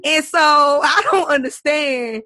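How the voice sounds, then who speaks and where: A woman's voice: high-pitched, slow, sharp tone, dry recording, clean studio sound. A young adult woman co-hosting a podcast in casual chat, laughing often and telling stories playfully. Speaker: podcast co-host.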